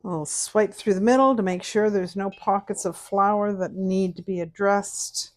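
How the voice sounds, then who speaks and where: A woman's voice: medium pitch, steady tone, moderate pace. A middle-aged woman from Canada, chatting casually while she teaches a cake recipe and hums to herself as she works. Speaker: cooking instructor. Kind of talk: casual cooking tutorial chat.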